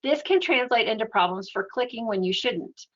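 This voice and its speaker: A woman giving an educational webinar talk in a steady, explanatory, conversational way. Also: a little high, normal speed, dull audio. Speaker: webinar presenter.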